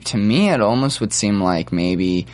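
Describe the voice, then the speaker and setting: Very low-voiced hesitant co-host. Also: expressive, measured pace, darkish tone. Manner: hesitant, hedging, many fillers. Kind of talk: casual TV recap chat.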